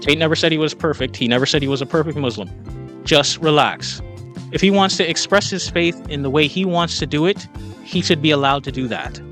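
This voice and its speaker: A man with a fairly high voice talks back at video clips in a mocking, exasperated commentary. He keeps telling the person on screen to calm down. Faint music runs underneath. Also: fast talker. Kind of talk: opinion commentary.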